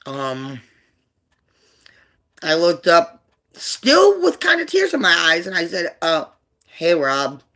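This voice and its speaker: A man with a bright, forward voice tells a personal story on his livestream. He rambles, stops and restarts, leaning on fillers and repeated words. He turns quiet and emotional as the memories get painful. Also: high voice, huge pitch swings, takes it slowly, pauses often. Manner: subdued and emotional when telling painful memories. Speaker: livestream host.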